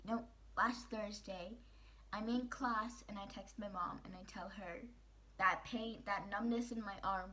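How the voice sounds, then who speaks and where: A teenage girl candidly telling a personal story in a vlog, rambling with fillers and restarts. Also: medium pitch. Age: teens. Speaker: vlogger.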